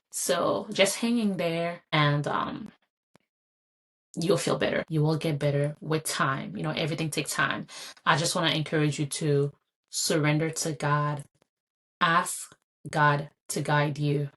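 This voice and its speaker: A woman with a notably low, deep voice talks alone on her podcast. Her delivery is earnest and reassuring, circling back on key phrases to encourage the listener. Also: a bit bright. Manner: earnest, encouraging, repeats for emphasis. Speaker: podcast host. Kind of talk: solo motivational podcast talk.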